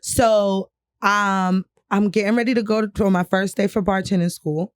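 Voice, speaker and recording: A woman's voice: medium pitch, steady tone, moderate pace, smooth, no echo. A young woman from New York telling a personal story on a podcast, candid and profane, often laughing. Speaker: podcast co-host. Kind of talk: casual storytelling chat.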